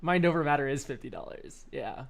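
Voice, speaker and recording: A man streaming live and reviewing viewers' card decks, excitable and quick to laugh, swearing casually. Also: fairly high pitch. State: choked up, near tears.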